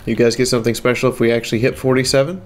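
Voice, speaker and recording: A man's voice: mid-range voice, flat delivery, rapid-fire. A man hosting his channel while playing, cracking jokes and making asides to the viewers. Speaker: channel host and player. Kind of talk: casual chat.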